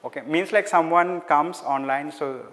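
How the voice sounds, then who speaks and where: A man's voice: a little high, fairly bright tone. Indian man teaching in an echoing hall. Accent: Indian English. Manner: explains slowly, repeats key words, mixes in Hindi phrases. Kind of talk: online class lecture. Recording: hall-like reverb.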